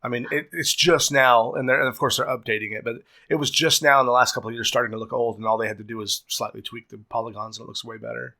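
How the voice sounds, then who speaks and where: A man's voice: mid-range voice, fairly even intonation, fast talker, hardly any pauses, bright, forceful tone. A man hosting a casual podcast, talkative and often searching for the right words. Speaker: podcast host.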